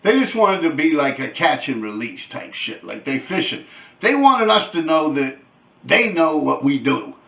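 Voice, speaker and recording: Animated New man telling street stories. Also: a little high, moderate pace, creaky, distant mic. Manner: profane, animated street storytelling with laughs. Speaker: channel host. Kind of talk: casual storytelling. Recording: echoey room, off-mic.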